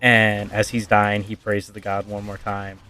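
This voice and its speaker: A man's voice: on the low side, completely flat delivery, moderate pace, pushed and bright, smooth. A man casually retelling a tabletop backstory as a streamer, rambling with lots of fillers.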